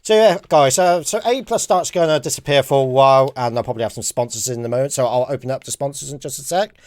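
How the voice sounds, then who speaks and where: A man hosting a casual gaming livestream, chatty and quick to laugh. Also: dry recording, clean studio sound. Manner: chatty, laughs often, lively pitch. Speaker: livestream host. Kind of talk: casual gaming stream chat.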